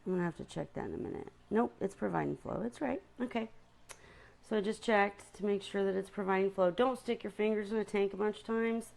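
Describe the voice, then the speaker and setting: A woman's voice: mid-range voice, a little fast, vocal fry, darkish tone. A woman chatting casually to viewers on a live stream about her seahorses, often stopping to apologize.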